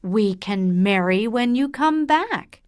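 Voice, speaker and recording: A woman's voice: on the high side, lively intonation, slow pace, no room sound, clean studio sound. A woman reading the lines of a persuasive young male suitor in a coaxing, reassuring way.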